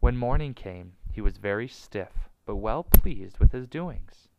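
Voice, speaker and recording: A man narrating a storybook in a measured, dramatic way. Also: lowish voice, animated, highs cut off, heavy background noise. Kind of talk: storybook reading.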